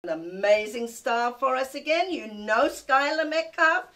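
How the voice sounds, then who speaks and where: High-voiced older woman gushing on TV. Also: expressive, measured pace, noisy background. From England. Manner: gushing, sing-song, doting. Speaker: TV show host. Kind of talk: casual chat with a child guest.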